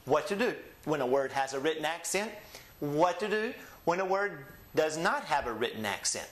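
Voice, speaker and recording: Male Spanish teacher, slightly high voice, slow drilled examples, echoey room. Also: big pitch swings. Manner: slow, drawn-out model pronunciations for students to repeat. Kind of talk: language lesson.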